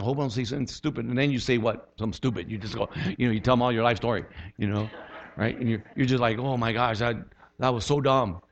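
Here a pastor with a mid-range voice gives an energetic, conversational sermon, tending to repeat words at the start of each thought. The audio has its highs cut off.

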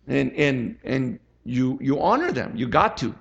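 Middle-aged pastor guy, chatty sermon, gravelly voice, muffled lo-fi audio. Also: medium pitch, big pitch swings, a little slow. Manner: chatty, asks the congregation for amens. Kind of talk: conversational sermon. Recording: dull lo-fi sound.

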